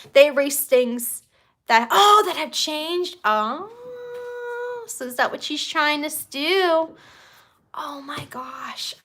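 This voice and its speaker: Bright, high-voiced chatty woman. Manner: chatty, excitable, many "like"s and restarts. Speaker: YouTube host of a live stream. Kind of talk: casual live-stream chat. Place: at home.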